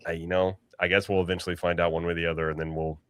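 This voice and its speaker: A man with a slightly low voice hosts a relaxed late-night livestream chat. He talks in a loose, chatty way, often restarting mid-sentence. The sound is dry and close. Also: rapid-fire, no room sound. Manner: chatty, restarts and self-corrections. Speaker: podcast host.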